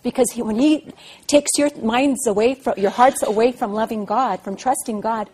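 Earnest breathy-voiced woman preaching. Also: on the high side, normal speed, a little mellow. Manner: earnest, builds to fervent emphasis. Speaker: pastor's wife. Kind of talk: devotional talk to a women's group.

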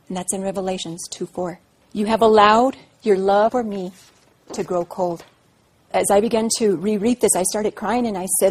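A pastor's wife giving an earnest devotional talk to a group of women, rising to fervent emphasis. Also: female voice, mid-range voice, fairly even intonation, normal speed, darkish tone, slightly rough.

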